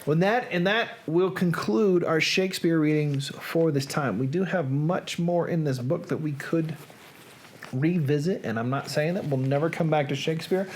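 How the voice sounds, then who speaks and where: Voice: medium pitch, moderate pace, slight background noise. A host chatting casually on a live reading show, joking and reacting to viewers.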